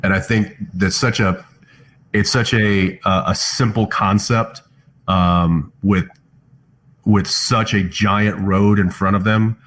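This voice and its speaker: Deep-voiced man, thoughtful panel chat. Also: a bit bright. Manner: thoughtful, reads out fan questions. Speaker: actor on a fan panel. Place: home, on a video call.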